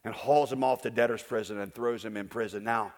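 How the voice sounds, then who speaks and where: A male pastor preaching a sermon emphatically, swinging between loud declarations and hushed storytelling. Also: on the low side, fairly even intonation, a little fast, big-room sound.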